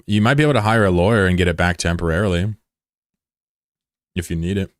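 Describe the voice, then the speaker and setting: A man in his thirties from the United States, chatting casually on a live stream with swearing and sudden high yelps of surprise. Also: fast, no echo, studio quality. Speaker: game streamer.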